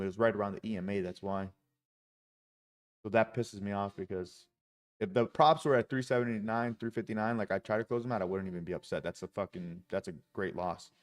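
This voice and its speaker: A man live-streaming his day trading, talking through his trades with heavy swearing and frustrated outbursts. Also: on the low side.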